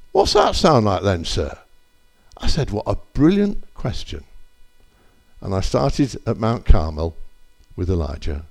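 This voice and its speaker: A man's voice: lowish voice, vocal fry, dark tone. An older man giving a rambling church testimony, full of anecdotes and self-corrections.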